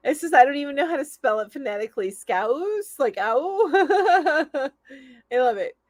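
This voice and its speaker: A woman's voice: high voice, animated, moderate pace, a little mellow, dry recording. A woman hosting a casual live stream, chatty and enthusiastic, reading out viewer comments and laughing often. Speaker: host of a live crochet chat show.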